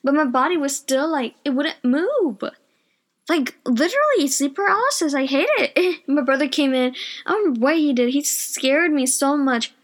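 A woman's voice: sits high, lively intonation, moderate pace. A young woman, chatting casually at home in her bedroom and rambling through a personal story, often losing her train of thought. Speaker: vlogger.

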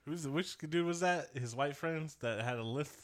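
A man's voice: fairly high pitch, normal speed. A man in his twenties co-hosting a podcast, chatting casually, laughing and joking. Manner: laughing, joking, does voices for quotes. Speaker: podcast co-host. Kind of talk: casual chat.

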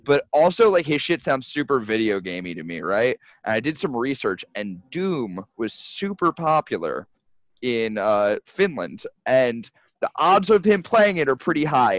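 A man talking fast and loose as a podcast co-host, excitable and quick to swear, stumbling over restarts. His voice sits at an ordinary pitch. The sound is dry and a little muffled. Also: no echo. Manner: excitable, profane, rambling with restarts. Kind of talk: casual chat.

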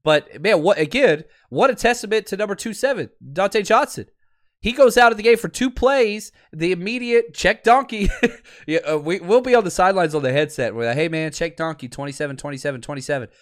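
Brief: chatty male livestream host, animated, quick to laugh, fairly high voice. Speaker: podcast host; teacher and football coach. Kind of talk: casual livestream chat.

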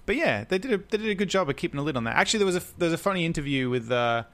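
A man's voice: on the high side, big pitch swings, racing, a bit bright. A man co-hosting a casual podcast conversation. He rambles along with frequent fillers and restarts, in an easygoing chatty way. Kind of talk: casual chat.

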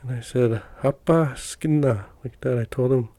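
A man's voice: mid-range voice, little pitch movement, fairly quick, dark tone, no echo. A middle-aged man from Montana telling personal stories in a rambling, folksy way, with many fillers and restarts. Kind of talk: casual storytelling.

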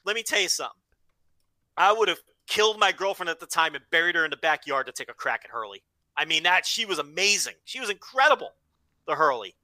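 Excitable bright-voiced man chatting. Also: fairly high pitch, fast, no room sound. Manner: excitable, crude, animated. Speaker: podcast co-host. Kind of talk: casual chat.

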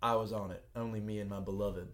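A man's voice: fairly low pitch, fairly even intonation, fast. A man co-hosting a casual podcast, joking and laughing often as he tells a rambling personal story. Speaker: podcast co-host. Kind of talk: casual chat. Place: New York.

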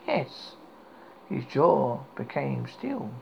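Gravelly male horror storyteller. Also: fairly high pitch, big pitch swings, measured pace. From United Kingdom. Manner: stumbling, self-correcting reading. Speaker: horror podcast host. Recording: dull lo-fi recording with faint hiss.

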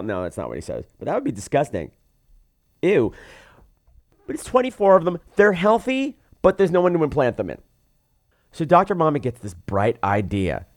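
Animated man recapping a film sarcastically. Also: on the high side, a little fast, no room sound, studio quality. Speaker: podcast host and film reviewer.

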